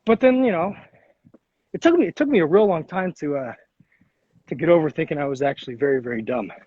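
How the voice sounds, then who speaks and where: Young male podcast host, high pitch, storytelling and cursing, lo-fi sound. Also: expressive, fast, husky, no room sound. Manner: swearing, storytelling, acts out quoted voices. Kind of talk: casual chat. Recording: dull lo-fi sound.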